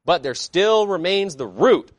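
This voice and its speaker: A pastor preaches emphatically to his congregation, posing rhetorical questions and swinging from loud declarations to quiet asides. His high-pitched voice is expressive and unhurried, and the recording has no echo.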